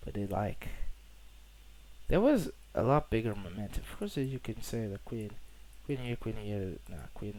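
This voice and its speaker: A young man from Portugal casually talking through his own chess game, rambling, self-correcting and slangy, on a cheap mic. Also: mid-range voice. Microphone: poor-quality microphone. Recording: cheap mic with loud noise.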